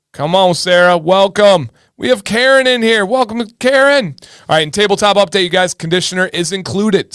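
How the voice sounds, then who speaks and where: A man's voice: high voice, fairly bright tone, smooth, no room sound, studio quality. A man hosting a casual livestream, greeting viewers by name and answering questions from the chat. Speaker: livestream host.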